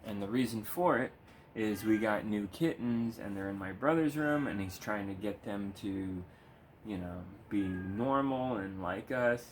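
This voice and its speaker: Man, gaming creator, easygoing, swears a lot, baby-talks his pet, lowish voice, faint hum behind. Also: unhurried. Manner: laid-back, swears freely, coos baby talk at his cat. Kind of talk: casual gameplay commentary. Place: home room.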